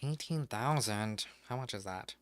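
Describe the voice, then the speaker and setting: Male streamer, mid pitch, offhand rambling, casual swearing, close desk mic in a dry room. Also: unhurried, dry recording. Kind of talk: casual live-stream chat.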